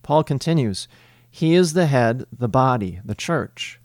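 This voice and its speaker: A man giving a homily as a priest, speaking in a measured, emphatic way with deliberate pauses. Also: mid-range voice, lively intonation, darkish tone, no room sound, clean studio sound.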